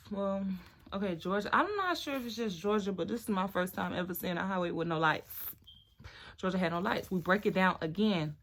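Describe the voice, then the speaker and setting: Chatty young woman telling a story. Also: mid-range voice. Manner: animated, chatty, drops to near-whisper at times. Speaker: vlogger. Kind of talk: storytime while doing her hair.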